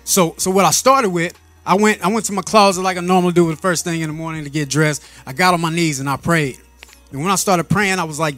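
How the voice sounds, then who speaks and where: A man with a slightly higher voice tells a personal faith story in a relaxed, earnest way. He often repeats and restarts his words and laughs between phrases. Soft music plays faintly behind him. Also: fairly quick. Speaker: vlogger sharing a faith testimony. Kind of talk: casual spoken storytelling.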